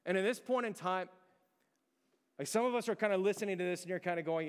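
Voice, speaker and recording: A man preaching in a casual, conversational way, his voice a little higher than most men's. He often drops to a low hush to drive a point home, and a long reverb trails behind him in a large hall. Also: quick pace, long pauses, smooth. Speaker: pastor. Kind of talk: sermon.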